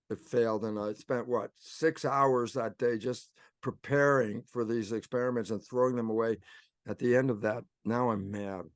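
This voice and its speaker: A man's voice: mid-range voice, dry recording, clean studio sound. An older man, a guest in an interview, telling personal stories animatedly and acting out inner voices. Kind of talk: storytelling interview talk.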